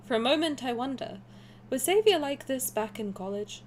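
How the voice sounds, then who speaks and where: A woman in her twenties with a posh southern English accent, streaming a game and chatting through it in rambling, animated asides. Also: high-pitched, moderate pace, a little hiss or hum. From south of England. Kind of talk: gaming commentary and reading aloud.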